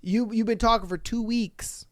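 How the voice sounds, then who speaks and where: A man hosting a podcast, reading listener stories aloud and reacting with animated, slangy, profane rants. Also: high voice, moderate pace, no room sound, clean studio sound. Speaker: podcast host.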